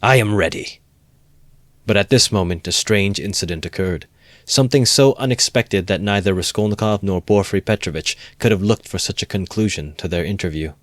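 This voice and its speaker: A man calmly narrating an amateur audiobook reading of a classic novel. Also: low voice, brisk, dry recording.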